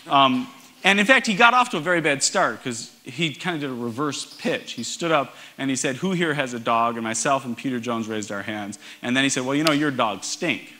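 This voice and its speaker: A middle-aged man speaks from a conference stage with a bright, forceful tone. He tells wry stories and builds his points with lively emphasis. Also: mid-range voice, brisk, slight background noise. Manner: wry storytelling, animated emphasis. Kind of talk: conference talk. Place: large concert hall stage.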